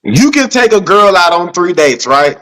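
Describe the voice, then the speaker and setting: A man, co-hosting a casual chat and making his point in an animated, persuasive way. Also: high-pitched, moderate pace, rough recording. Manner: animated, persuasive, repeats "you see what I'm saying". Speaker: podcast co-host.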